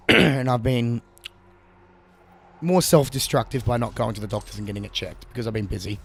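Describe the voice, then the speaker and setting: Gravelly Australian man with a sore throat. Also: medium pitch, moderate pace. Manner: rambling storyteller, crude humour. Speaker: gaming video co-host. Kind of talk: casual gameplay chat.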